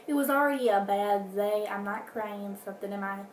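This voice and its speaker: A woman telling a casual storytime vlog at home, chatty with dramatic asides. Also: medium pitch. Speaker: vlogger. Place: home indoors, furnace running. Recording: roomy, distant from mic, faint noise.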